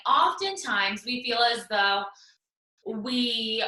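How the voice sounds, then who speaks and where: A woman's voice: sits high, unhurried, bright, forceful tone, reverberant, far from the mic, rough recording. A woman teaching an English class, explaining patiently and reassuringly step by step. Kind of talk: online class lesson.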